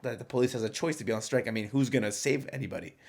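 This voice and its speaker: A man chatting as a podcast guest, telling travel stories in an animated, joking way. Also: mid-range voice, rapid-fire. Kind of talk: casual chat.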